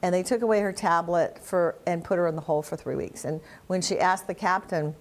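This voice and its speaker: Animated older woman telling stories. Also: on the low side, normal speed. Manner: animated storyteller, laughs often, many restarts. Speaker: interview guest. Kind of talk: conversational storytelling.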